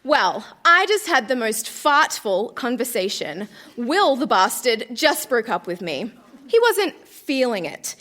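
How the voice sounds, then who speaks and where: A woman's voice: on the high side, big pitch swings, unhurried, pushed and bright. A woman in her thirties reading her teenage diary aloud on a live stage, melodramatic and breaking into laughter. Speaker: guest reader.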